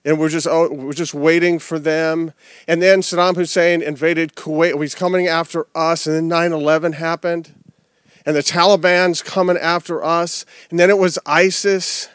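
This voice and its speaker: A man's voice: fairly high pitch, flat delivery, moderate pace, smooth, no room sound, studio quality. A man preaching a conversational sermon outdoors, with rhetorical questions and repeated phrases. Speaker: pastor. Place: outdoor service.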